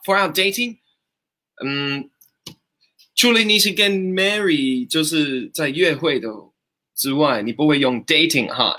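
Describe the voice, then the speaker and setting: A man's voice: fairly high pitch, sharp tone. A man hosting a live-streamed English lesson, cheerfully greeting viewers by name and correcting their sentences. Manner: upbeat, greets and praises viewers by name, switches between English and Mandarin.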